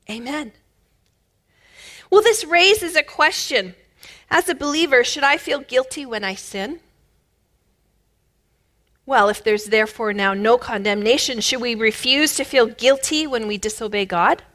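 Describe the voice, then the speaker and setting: A woman preaching a sermon with emphatic, rising bursts of loudness, she is middle-aged. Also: high voice. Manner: emphatic, builds to loud bursts.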